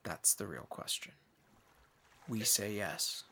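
A man voicing an ancient otter-like water spirit that speaks in a slow, measured, solemn way. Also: fairly low pitch, expressive, sharp tone, slight background noise, heavily acted.

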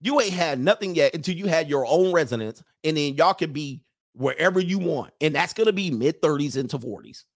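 A man in his forties hosting a livestream, joking loudly in a slangy, animated way while reading chat. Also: on the high side, fairly quick, no echo, studio quality. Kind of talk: comedic livestream rant.

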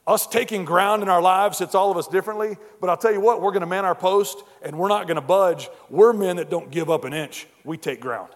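A man preaching a sermon at a men's breakfast, energetic and exhorting, often repeating words as he starts a phrase. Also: high-pitched, a little fast, few pauses, big-room sound.

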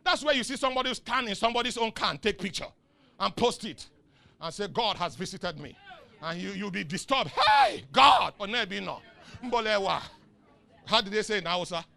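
A middle-aged man with a Nigerian accent preaching a sermon in call-and-response style. He swings from soft asides to shouts and chuckles often. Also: high voice, brisk, vocal fry. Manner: chuckles often mid-sentence. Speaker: pastor.

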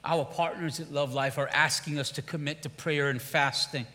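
In a large church with long hall reverb, a pastor preaches a sermon, stirring his congregation with repeated refrains and calls to respond. His voice is fairly high and sharp, with fairly even intonation and normal speed.

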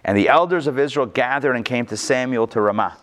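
Man teaching a lively text-study class. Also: medium pitch, fast talker. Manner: conversational, asks the class rhetorical questions.

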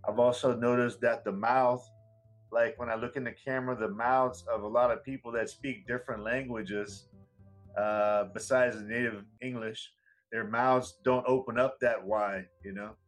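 A man's voice: mid-range voice, steady tone, normal speed, soft background music, low-quality recording. A man from the United States, an English teacher talking casually and rambling with many fillers. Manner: rambling, frequent "you know" fillers. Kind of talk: casual conversation.

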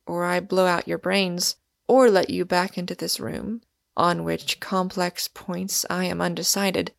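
A woman's voice: on the low side, vocal fry, no room sound, clean studio sound. A woman voicing a stern, roguish young man who speaks with severe, mocking authority, in a storybook reading.

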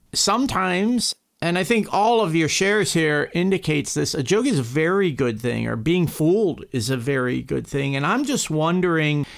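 A male podcast host moderating a panel. He speaks slowly and deliberately, and adds playful asides between questions. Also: on the high side, creaky.

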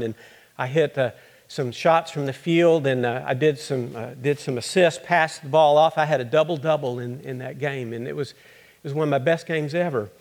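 A man playing an earnest teenage girl basketball player in a first-person monologue, halting and repeating words as she remembers. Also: medium pitch, natural voice.

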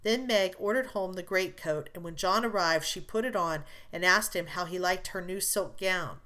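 Woman reading an old novel aloud, measured, expressive, audiobook vibe. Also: fairly low pitch. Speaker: audiobook narrator. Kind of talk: scripted narration of a classic novel.

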